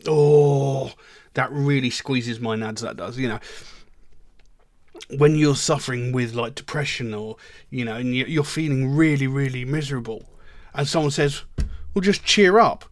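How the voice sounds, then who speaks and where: A man's voice: mid-range voice, steady tone, moderate pace, no room sound. A man giving casual spoken commentary on a song, earnest and emphatic, rambling at times and swearing bluntly. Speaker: music reaction video host.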